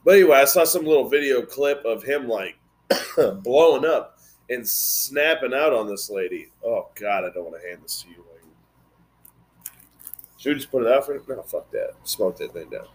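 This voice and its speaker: A man's voice: mid-range voice, animated, normal speed. A man hosting a casual podcast chat, blunt and rambling, swearing freely. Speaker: podcast host.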